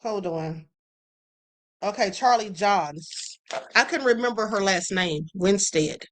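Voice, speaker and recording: A woman's voice: medium pitch, takes it slowly, a bit bright. A woman hosting a live stream, reacting with emphatic commentary and reading out viewer comments. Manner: outspoken, emphatic, addresses viewers as beloveds. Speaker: livestream host.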